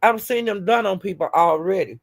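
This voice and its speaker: A woman's voice: medium pitch, brisk. A woman hosting her own livestream, telling stories in a profane, laughing, casual rant. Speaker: livestream host.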